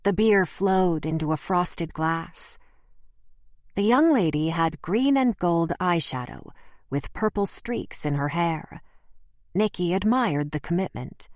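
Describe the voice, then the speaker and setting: A woman reading an audiobook in a steady, measured scripted narration. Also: on the low side, no room sound, studio quality.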